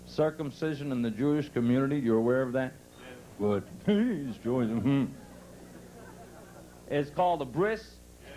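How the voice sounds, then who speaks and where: A man doing a brash, punchy stand-up comedy set at a resort club, telling jokes and bursting into loud outbursts. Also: mid-range voice, expressive, moderate pace, a little hiss or hum, rough recording. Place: resort club stage before a live audience.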